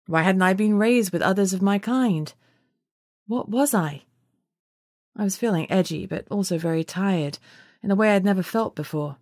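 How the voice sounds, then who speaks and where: A woman narrating an audiobook in first person with steady, measured storytelling. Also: mid-range voice, no room sound, clean studio sound.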